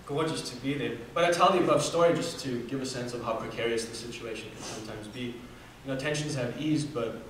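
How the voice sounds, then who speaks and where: A man's voice: medium pitch, brisk, hardly any pauses. Young man, earnest student speaker, from Namibia; recorded in a very reverberant hall from a distance, faint room hum. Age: 20s. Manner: earnest storytelling with fillers and restarts. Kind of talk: personal story talk. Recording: echoey hall from far off.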